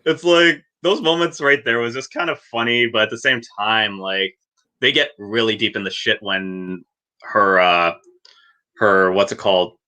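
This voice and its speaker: A man's voice: on the low side, a little slow. A man in casual talk about a film, laughing often and acting out scenes as he retells them. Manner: laughing, animated retellings with acted quotes. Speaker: podcast guest. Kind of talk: casual movie chat.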